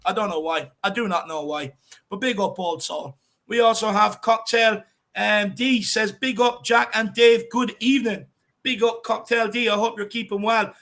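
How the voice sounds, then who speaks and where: An Irish man hosts a casual live fan show, reading viewer comments and giving shout-outs. His voice sits high with a gravelly edge. The tone is bright and forward. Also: steady tone, moderate pace. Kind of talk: casual live-stream chat.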